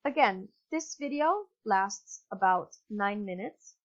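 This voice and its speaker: A woman's voice: medium pitch, animated, slow pace. A woman with an Italian accent giving a recorded online English lesson, patient and instructive, with fillers and self-corrections. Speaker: English teacher. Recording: dull lo-fi computer mic.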